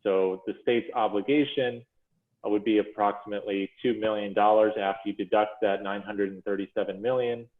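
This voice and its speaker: A man presenting figures to a commission in a measured, explanatory way, with frequent fillers and self-corrections, speaking over a video call. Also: lowish voice, fairly even intonation. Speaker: presenter to a school funding commission. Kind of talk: policy presentation walking through slides. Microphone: video call audio. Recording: phone-like echoey video call audio.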